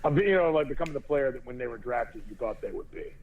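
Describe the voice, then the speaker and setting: A man's voice: medium pitch, fast talker, husky, phone-quality sound. A man co-hosting a podcast, chatting about sports and chuckling often. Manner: animated, chuckling. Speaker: podcast co-host. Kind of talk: casual sports chat.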